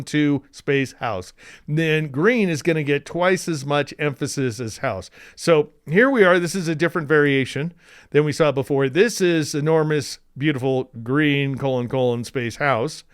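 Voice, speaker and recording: An enthusiastic man walks through a software tutorial while sharing his screen, chatting freely with restarts and asides. His voice sits a little high and stays smooth and clear. The recording is close and dry. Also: dry recording.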